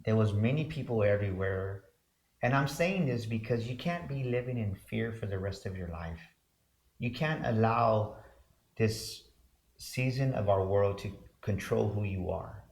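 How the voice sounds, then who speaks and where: A man's voice: on the low side, animated, measured pace, a little mellow. A man co-hosting a motivational talk show, speaking fervently with repeated, preacher-like build-ups. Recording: roomy echo.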